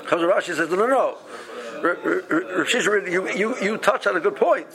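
A man teaching a Talmud study session, explaining the text with animated quoting and frequent restarts. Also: high voice, a little fast, vocal fry, a crowd in the background. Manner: animated, acts out the rabbis' voices, many restarts.

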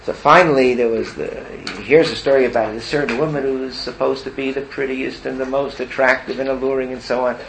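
A man of ordinary pitch gives a religious lesson, telling a story with animated energy. Steady background noise runs under the classroom recording. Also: fairly quick, creaky, few pauses. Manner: animated storyteller who acts out quotes. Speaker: religious teacher.

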